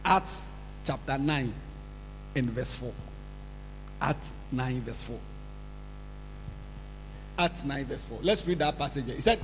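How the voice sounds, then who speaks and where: A man preaching a sermon, scolding and repeating himself, breaking into shouts, recorded in a large church hall. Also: medium pitch, expressive, slow, long pauses, slight background noise. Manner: scolding, repetitive, bursts into shouts. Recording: reverberant hall with faint music.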